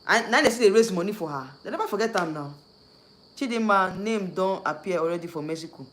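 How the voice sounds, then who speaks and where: Nigerian man, high voice, rambling livestream chat, repeats himself, Pidgin mixed in, faint crickets behind. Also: expressive, fast talker, a bit bright, a little hiss or hum. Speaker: YouTube host. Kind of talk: casual livestream commentary.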